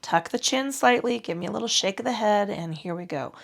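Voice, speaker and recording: A woman leading a mat pilates class, calmly cueing breaths and movements with chatty asides. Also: medium pitch, fairly quick, creaky. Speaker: pilates instructor. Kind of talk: guided exercise instruction.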